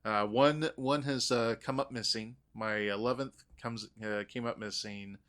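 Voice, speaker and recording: A man hosting a podcast in casual chat, easygoing and quick to laugh. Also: medium pitch, steady tone, a bit bright. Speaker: podcast host.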